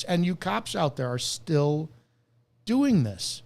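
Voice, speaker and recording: A man's voice: high-pitched, sing-song, takes it slowly, gravelly, a little mellow. A man who is a former police officer, hosting a live stream and delivering an angry, profane commentary rant.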